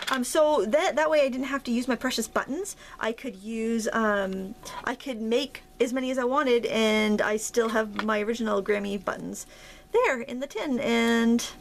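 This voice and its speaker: Chatty craft-tutorial host, woman with a Maine accent, slightly high, gravelly voice, faint noise behind. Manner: chatty, self-deprecating, thinks aloud while working.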